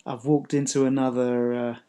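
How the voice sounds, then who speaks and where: A man calling into a debate, with a mid-pitched voice. He speaks hesitantly and stumbles over words, and his tone stays conciliatory. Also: dark tone, smooth. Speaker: caller. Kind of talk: casual debate call.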